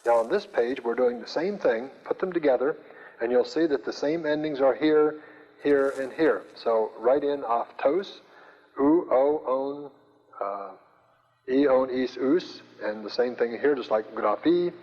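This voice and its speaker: An older man teaching a Greek class, speaking slowly with many fillers and restarts. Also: medium pitch, darkish tone. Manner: slow, hesitant, many fillers. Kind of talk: classroom lecture. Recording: dull, roomy lecture recording.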